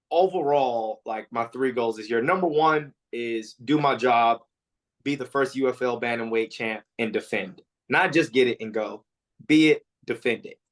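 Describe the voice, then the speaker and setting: A man, a fighter, answering interview questions in casual talk, acting out quotes with lots of fillers. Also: mid-range voice. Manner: animated storytelling, acts out quotes; frequent fillers and restarts. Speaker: MMA fighter, interview guest.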